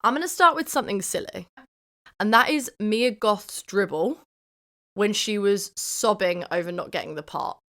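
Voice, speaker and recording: A young woman from the UK co-hosting a film podcast in casual chat, playful and quick to laugh. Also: mid-range voice, fairly bright tone. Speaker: podcast co-host.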